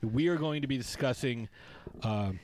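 A man co-hosts a casual podcast in a mid-range, somewhat dark voice at normal speed. He's playful and jokey, wandering off into rambling asides.

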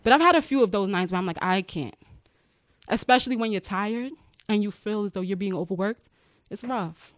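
On a podcast, a woman corrections officer shares frank, profanity-laced stories from work, animatedly acting out the voices of the people she quotes. Her mid-range voice moves a little fast, recorded clean and dry in a studio.

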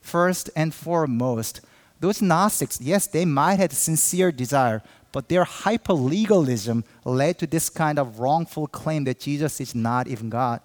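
A man's voice: on the high side, a little slow, long reverb tail. A man pastor preaching a sermon earnestly, acting out quoted believers with a raised voice.

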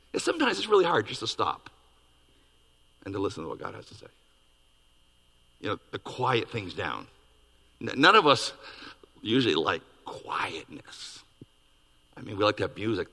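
A man preaching a sermon as pastor, animated and acting out quoted dialogue with big swings in his voice. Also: lowish voice, moderate pace, pauses often. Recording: long reverb of a hall.

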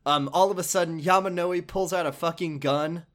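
A man's voice: on the high side, steady tone, moderate pace. A man hosting a podcast, recapping a video game in a rambling, hesitant, swearing way.

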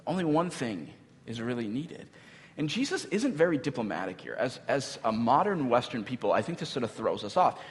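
A man's voice: mid-range voice, sing-song, brisk. A male pastor giving a sermon in a casual, conversational way, with filler words and light laughs. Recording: long hall reverb.

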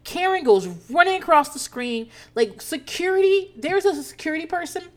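Animated woman recapping with frequent laughter. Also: extremely high pitch, moderate pace. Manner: animated, profane, laughs often. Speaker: TV recap host. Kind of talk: casual reality TV recap.

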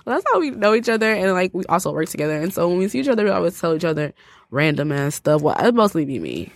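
A young woman, co-hosting a podcast and telling stories in an animated, laughing way. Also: lowish voice, fast talker, no room sound, clean studio sound. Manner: animated storytelling with frequent laughter. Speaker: podcast co-host. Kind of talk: casual podcast chat. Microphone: podcast microphone.

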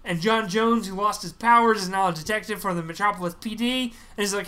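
A man hosting a podcast, recapping a TV series in animated casual chat, acting out quotes as he goes. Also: sits high, quick pace, hardly any pauses.

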